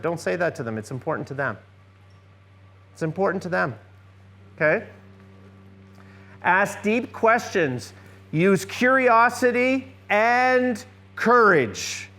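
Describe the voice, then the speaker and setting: A man's voice: fairly high pitch, a bit bright. A man presenting a church seminar on listening, earnestly addressing a live audience and often checking in with "okay?".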